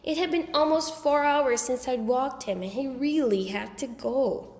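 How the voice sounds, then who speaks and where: High-voiced woman reading a storybook. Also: a little slow. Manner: lively, expressive reading. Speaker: audiobook reader. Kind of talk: storybook narration. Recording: roomy with long reverb.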